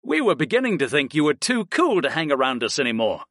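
A man putting on a cheeky, theatrical mage who mocks his friends with exaggerated hurt, his voice jumping higher and swinging widely. It is read dry and close for a fantasy audiobook. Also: big pitch swings, fast, a bit bright, no room sound, exaggerated voice. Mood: teasing. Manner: mocking, theatrical teasing. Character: teasing, playful adult male earth mage and pilot.

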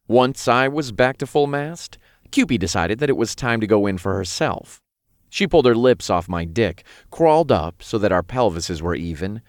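A man reading a first-person story as narrator in an even, unhurried way. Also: fairly low pitch, no echo, studio quality.

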